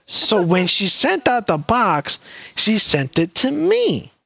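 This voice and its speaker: A man's voice: sits high, slow pace, gravelly, no room sound, muffled recording. A man co-hosting a podcast, telling a story in a casual way, cursing freely and acting out what other people said. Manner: animated, profane, acts out quoted people. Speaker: podcast co-host.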